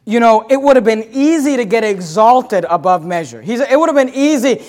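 Male pastor, sermon delivery, very high-pitched, emphatic, repeats himself, loud-to-soft swings. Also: expressive, fairly quick. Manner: emphatic preaching with repeated phrases; swings between loud and hushed.

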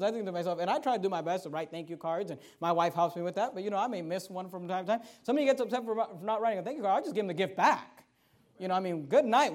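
A high-pitched male pastor delivers a sermon in a lively, conversational way, his voice swelling loud and then falling into soft asides.

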